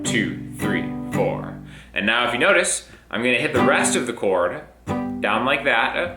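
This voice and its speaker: A young man teaching a casual guitar lesson in an upbeat way, counting beats aloud while he plays. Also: fairly low pitch. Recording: roomy with guitar playing.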